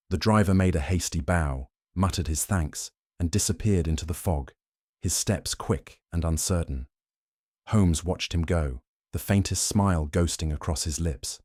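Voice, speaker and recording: A man gives scripted narration in a formal, measured storytelling manner. His voice is deep and mellow. The recording is dry and close, with no room sound. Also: no echo.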